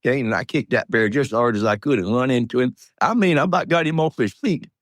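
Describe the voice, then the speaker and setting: A man's voice: medium pitch, quick pace, no echo. A man in his eighties from Georgia with a Southern accent, telling folksy, rambling stories as a guest in an interview. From Georgia, USA. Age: 80s. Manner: folksy rambling storyteller, chuckles. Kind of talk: storytelling interview.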